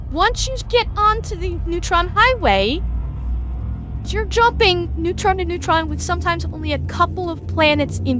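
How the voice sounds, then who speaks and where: A high-voiced woman streamer explains things step by step in a chatty way, her pitch bouncing all over. She talks straight to her chat while she plays, with faint music running underneath. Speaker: game streamer teaching a lesson. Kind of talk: casual livestream tutorial.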